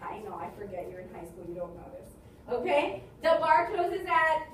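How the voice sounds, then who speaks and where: A woman telling a folk tale aloud to students, lively and chatty with quick asides to her listeners. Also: high voice, a little hiss or hum. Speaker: storyteller. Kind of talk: oral storytelling to students. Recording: echoey room from far off.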